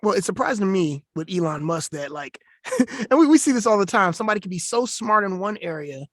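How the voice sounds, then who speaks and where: Animated joking man, dry close sound. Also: high voice, no echo. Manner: animated, joking, slangy, quick asides. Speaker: podcast co-host. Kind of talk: casual chat.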